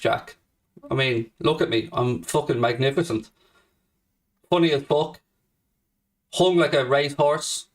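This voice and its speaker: A man's voice: mid-range voice, far from the mic. A young Irish man hosting a live stream, reading out viewer comments and answering with brash, profane banter. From Ireland. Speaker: host.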